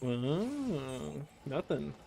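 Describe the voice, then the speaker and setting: A man chatting casually as a game streamer, rambling and swearing, often trailing off into quiet mutters as he plays. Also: on the high side, very animated, drawn-out words, creaky, a little hiss or hum. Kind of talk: casual commentary while playing.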